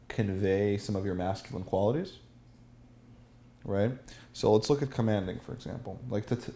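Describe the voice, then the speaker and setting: A man's voice: fairly low pitch, creaky, mellow, a little hiss or hum. A man teaching a seminar as a dating coach, asking the room questions and acting out example lines.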